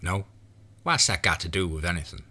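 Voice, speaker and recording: A man voicing a gruff, profane frontier lawman in a horror story reading. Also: sits low, animated, fairly quick, pushed and bright, heavily acted. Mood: grim. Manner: blunt and cursing. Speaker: frontier marshal. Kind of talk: voiced character in horror narration.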